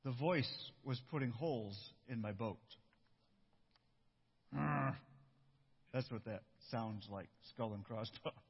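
A man pastor giving a sermon and reading a storybook aloud, with relaxed, self-interrupting asides. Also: lowish voice, moderate pace, few pauses, husky. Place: church. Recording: dull echoey church hall.

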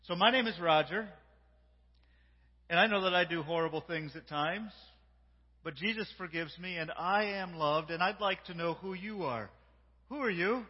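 A man giving a sermon as a guest preacher, warm and repetitive, drawing the congregation into call-and-response, swinging between hushed words and shouts. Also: sits high, normal speed, long pauses, husky. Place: large church sanctuary. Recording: dull sound with long hall reverb.

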